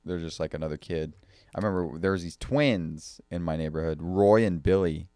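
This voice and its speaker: A man's voice: low voice, moderate pace, warm tone, no echo. A man in casual chat as a podcast co-host, giving short, laid-back replies and telling his own childhood stories.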